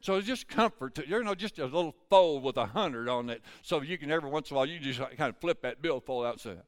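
Older male pastor, smooth voice. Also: a little high, expressive, fast talker. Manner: folksy, conversational storytelling. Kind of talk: storytelling sermon.

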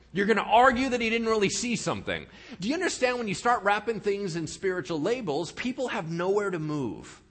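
A man preaching a sermon, animated and sarcastic, often acting out the voices of the people he quotes. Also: high-pitched, slightly rough. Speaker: pastor.

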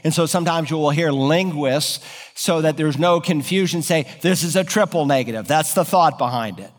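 A man's voice: a little high, normal speed, in a large hall. A man preaching an expository sermon, explaining Greek word order and building to emphatic peaks. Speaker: pastor.

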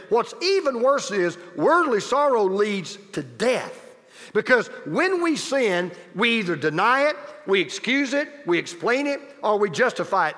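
A man's voice: high-pitched, a bit bright, long reverb tail. A man preaching a sermon as pastor, emphatic and repetitive, with casual asides to the congregation.

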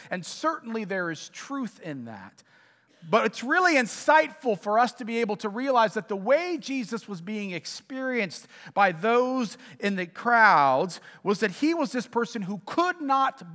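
Man, pastor, lively high-pitched sermon voice, church echo. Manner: animated storytelling preacher.

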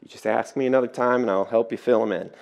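Pastor, male, mid-pitched, storytelling sermon, echoing sanctuary reverb. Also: fast talker, gravelly. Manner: animated storytelling, acting out quoted voices.

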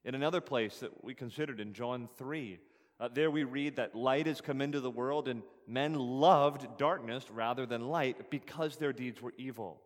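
A man's voice: mid-range voice, in a large hall. A man preaching a sermon as pastor, earnest and emphatic, rising on scripture and repeating key phrases to drive them home. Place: church sanctuary.

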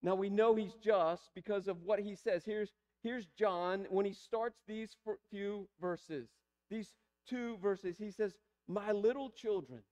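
A male pastor preaching a sermon to his congregation, moving between soft pleading passages and emphatic repeated phrases. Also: high voice, steady tone, unhurried. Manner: pleading, building to emphatic repetition. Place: church sanctuary.

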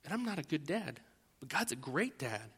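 A man preaching a sermon from the pulpit, his voice pitched high and edged with a bright, forceful tone. He pushes hard on key points, then pulls back to near-hushed, personal asides. A long hall reverb trails every phrase. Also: sing-song, moderate pace, slightly rough. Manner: swings between loud emphatic preaching and quiet intimate asides. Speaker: pastor.

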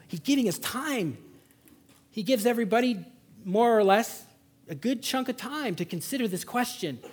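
A man with a high, husky voice preaches a Sunday sermon in church. He swings from loud, urgent exhortation to hushed, close emphasis on the points that matter most. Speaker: pastor. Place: church service.

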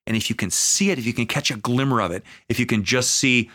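A man speaking as a pastor in a conversational podcast, earnest, with many fillers, slowing into a preaching cadence at times. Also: medium pitch, pushed and bright. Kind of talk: conversational podcast talk on faith.

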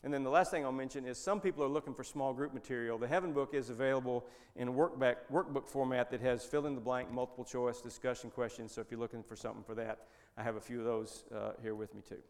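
Folksy preacher in a reverberant hall. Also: male voice, mid-range voice, fairly even intonation, fast talker. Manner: folksy, rambling, with many restarts. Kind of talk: sermon storytelling.

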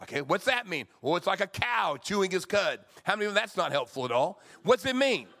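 A man in his sixties, a pastor preaching a sermon with emphatic swings between loud and soft. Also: high-pitched, expressive, fast.

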